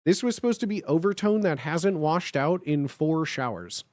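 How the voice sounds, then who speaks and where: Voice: mid-range voice, lively intonation, moderate pace, darkish tone, no echo. A livestreamer talking casually with chat, reassuring and blunt, often repeating lines and joking.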